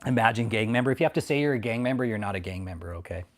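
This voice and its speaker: Reading chat and lashing out at critics, a livestream host mocks and swears in a confrontational, casual rant. He speaks in a lowish, animated voice at a racing pace.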